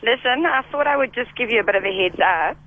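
A woman's voice: on the high side, lively intonation, quick pace, phone-quality sound. A woman casually confiding a heads-up to a coworker over the phone. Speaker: coworker tipping off a friend.

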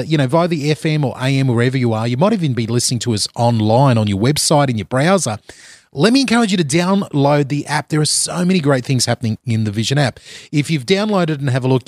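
A man's voice: medium pitch, dry recording, studio quality. A man with an Australian accent hosting a live breakfast radio show from a conference floor, chatty and upbeat with frequent fillers. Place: side hall at a conference venue.

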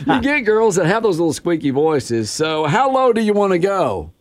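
A male radio host with a high, very lively voice who laughs often. He banters through a morning call-in show. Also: normal speed, noisy background.

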